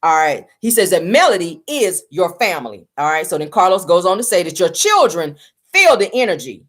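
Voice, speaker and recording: A woman's voice: fairly low pitch, big pitch swings, a little fast. A woman hosting a casual reality-show recap, talking to viewers as y'all and retelling what was said. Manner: chatty, addresses viewers as y'all, retells quotes.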